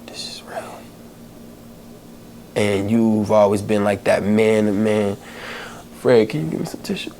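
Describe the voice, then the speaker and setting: A man hosting a podcast, telling a heartfelt personal story in a halting way, with many pauses and fillers, holding back tears. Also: mid-range voice, darkish tone, a little hiss or hum. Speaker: podcast host.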